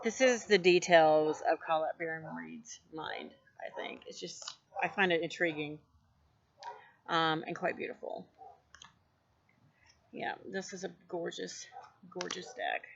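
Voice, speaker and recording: A mid-pitched voice, neither high nor low, that gushes about oracle decks in a loose, rambling show-and-tell. The talk is full of "um"s, restarts and repeated words. The recording is a little dull and lo-fi. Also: a bit bright. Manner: gushing, rambling, many fillers and restarts. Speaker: oracle card collector showing decks. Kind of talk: casual show-and-tell vlog.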